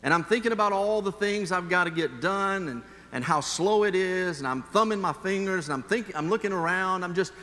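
A man preaching a sermon as pastor, telling a personal story in an earnest way and shifting between slow emphasis and quick asides. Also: high-pitched, sharp tone, long reverb tail.

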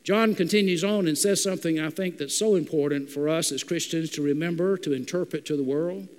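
A high-pitched male pastor delivers a sermon in a halting way, leaning on filler "uh"s. His voice rings out with a long echo, as if in a large church sanctuary. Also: darkish tone. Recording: long reverb of a large hall.

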